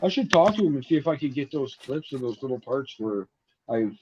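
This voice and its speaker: Animated Canadian man telling stories. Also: medium pitch, fairly quick, a crowd in the background. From Ontario, Canada. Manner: animated storyteller, acts out dialogue. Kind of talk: casual chat. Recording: muffled lo-fi audio with faint noise.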